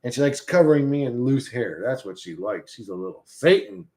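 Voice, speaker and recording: A man streaming live and chatting casually, his voice rising and falling all over the place. He rambles and swears freely. His pitch sits in the usual middle for a man. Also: big pitch swings, brisk, darkish tone. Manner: rambling and profane, talks to chat and his dog. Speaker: livestream host. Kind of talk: casual livestream chat.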